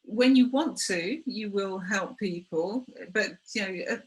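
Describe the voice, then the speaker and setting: A woman's voice: mid-range voice, unhurried, low-quality recording. A middle-aged woman hosting a conversational interview, asking questions with hesitant restarts. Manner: hesitant, with many fillers and restarts. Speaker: host.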